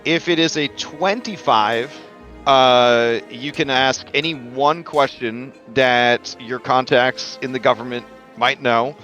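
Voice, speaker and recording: A man's voice: medium pitch, slow pace, bright, forceful tone, highs cut off, soft background music. A man narrating as game master of a tabletop game, loose and chatty with lots of ums and frequent laughs.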